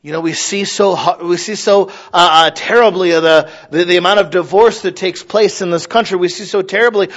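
High-voiced animated male preacher. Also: fairly quick, hardly any pauses, lo-fi sound. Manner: animated, mimics voices for illustrations. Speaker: pastor. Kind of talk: sermon.

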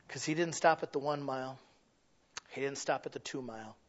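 A man preaching a sermon as pastor, shifting from quiet, near-whispered passages to loud, exclaiming ones. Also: fairly high pitch, normal speed, pauses often, highs cut off. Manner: swings from hushed and intimate to loud and exclaiming.

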